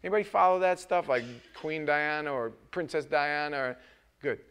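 A man's voice: fairly high pitch, moderate pace, fairly bright tone, smooth. A man preaching an informal, joking sermon as pastor in a church, often restarting his sentences. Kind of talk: conversational sermon. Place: church sanctuary.

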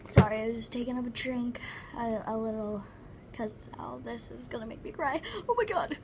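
A woman's voice: on the high side, flat delivery, moderate pace, noisy background. A woman giving casual game commentary, chatty and giggly, full of dramatic exclamations. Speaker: gameplay commentator.

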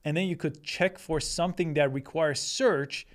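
A man reviewing and comparing AI chatbots, reading their answers aloud in a relaxed, conversational way. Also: a little high, normal speed. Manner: conversational, reads results aloud while thinking. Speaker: tech reviewer. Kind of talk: screen-recorded product comparison.

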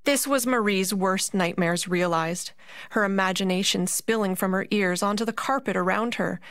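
A woman narrating a fairy tale for a concert, slow and deliberate with dramatic pauses. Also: mid-range voice, fairly bright tone, no echo, studio quality. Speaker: narrator and puppeteer.

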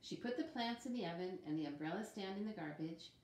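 A woman reading a children's picture book aloud in a calm, expressive way. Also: on the low side, fast talker. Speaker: storyteller. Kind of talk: children's story read-aloud. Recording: roomy echo.

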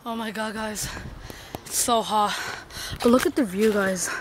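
A young woman chatting excitedly to her handheld camera while walking around outdoors, filling her talk with "like" and "guys". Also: medium pitch, unhurried. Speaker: vlogger. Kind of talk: casual travel vlog. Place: outdoors on a hot hillside and beach. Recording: noisy outdoor camera audio with wind.

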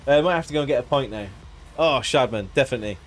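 A man's voice: medium pitch, very fast, faint music behind. A man chatting casually on a live game stream, joking, laughing and thanking viewers by name.

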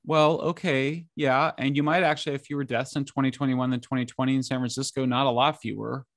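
Gravelly-voiced man, animated guest. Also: medium pitch, fast talker, no echo, clean studio sound. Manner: animated, incredulous, talks in bursts with many restarts. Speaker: author and interview guest. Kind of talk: conversational interview.

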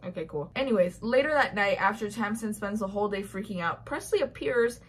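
A young woman recaps a book in a chatty, gushing way, slipping into quick acted-out lines for each character. Her voice sits at a middle pitch and has a slightly husky, breathy edge. It sounds like a casual vlog recorded on a built-in mic. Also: animated. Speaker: book reviewer.

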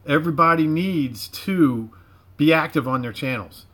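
A man's voice: on the high side, moderate pace, a bit bright. A middle-aged man from Florida with a Southern drawl and a touch of Cajun, hosting a rambling, folksy livestream from his garage. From Florida, USA. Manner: rambling, repeats himself, folksy slang. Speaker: livestream host. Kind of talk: casual livestream chat. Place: home garage.

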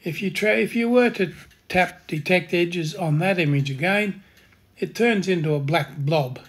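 A man hosting a step-by-step software tutorial, giving calm, plain instructions in a voice-over. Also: sits high, unhurried, breathy edge. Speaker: tutorial host.

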